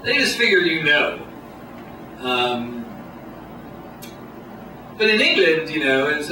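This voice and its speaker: Dry halting comic guy, lively up-and-down voice, mic kinda far off in a roomy club. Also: a little high. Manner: deadpan, halting delivery with many pauses. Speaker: stand-up comedian. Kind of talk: stand-up set. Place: small comedy club stage. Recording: echoey room, distant mic, noisy. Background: audience laughter.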